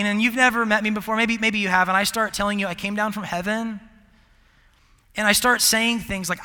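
At a normal speed and a steady tone, a young man with a high-sitting, bright, forceful voice preaches informally to a college group. The campus ministry preacher rambles with fillers and laughs at himself. He's recorded with long reverb in a large hall before a live audience.

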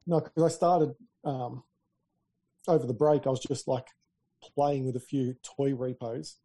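A podcast co-host chats easily about tech, laughing readily and telling stories in a relaxed conversation. His medium-pitched voice is warm, steady and slightly rough, and he takes his time.

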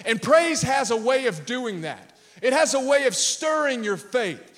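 High-voiced energetic man preaching. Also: unhurried. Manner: energetic preaching with crowd call-outs and humor. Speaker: pastor. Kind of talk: sermon.

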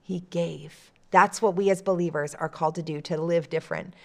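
A woman from a church staff sharing a podcast devotional, teaching earnestly and dropping low on key phrases for emphasis. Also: fairly even intonation, fast, a little mellow.

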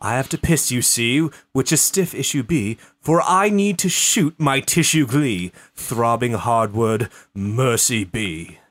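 A grandly solemn Scottish-accented poet, as a man puts on the voice for a laugh. He lingers over each line with theatrical weight, in a mid-pitched voice. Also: lively intonation, fairly bright tone, no echo. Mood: mock solemn. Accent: put-on Scottish. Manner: theatrical, slow dramatic delivery. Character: man doing a Sean Connery-style Scottish voice. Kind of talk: comic poetry reading.

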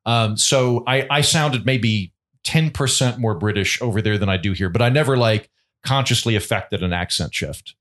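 A man's voice: mid-range voice, normal speed. A man from Oklahoma, a comedian and podcast host, telling stories in casual, self-deprecating banter. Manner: storytelling, animated and self-deprecating.

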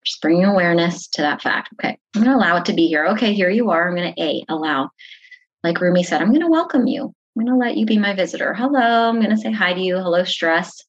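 A woman talking as a podcast guest, explaining a coping method in a chatty, animated way and acting out bits of inner self-talk. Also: lowish voice, fast, highs cut off. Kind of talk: conversational teaching.

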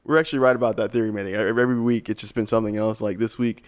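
A young man co-hosting a casual podcast, talking with lots of fillers and laughing quickly. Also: fairly low pitch, steady tone, smooth. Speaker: podcast co-host. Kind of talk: casual chat.

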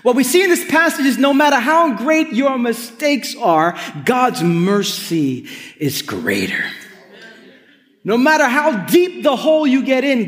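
High-voiced preacher in a reverberant hall. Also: male voice. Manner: animated storytelling with joking asides. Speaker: pastor. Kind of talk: sermon.

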